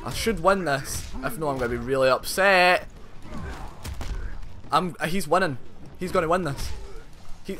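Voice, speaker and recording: A man's voice: on the high side, measured pace, long pauses, sharp tone. A young man doing let's play commentary over a fighting game, swearing a lot and breaking into frustrated outbursts. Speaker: gaming channel host.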